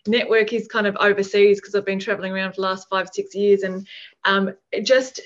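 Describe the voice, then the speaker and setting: A woman's voice: medium pitch, level tone, fairly quick. Reflective woman podcast host. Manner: rambling, reflective, many fillers and restarts. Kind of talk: casual conversation. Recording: dull lo-fi sound.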